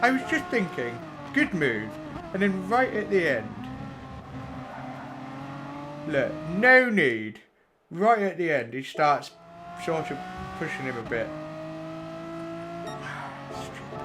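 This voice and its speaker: A man's voice: fairly high pitch, sing-song, takes it slowly, pauses often, over music. A man streaming sim racing, blunt and sweary as he talks through race replays and chats with his viewers. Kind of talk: live commentary on race replays.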